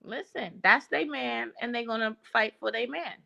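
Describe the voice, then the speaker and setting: A woman's voice: fairly high pitch, moderate pace, creaky, sharp tone, dry recording, dull audio. A woman panelist in casual commentary with a blunt, teasing way of talking.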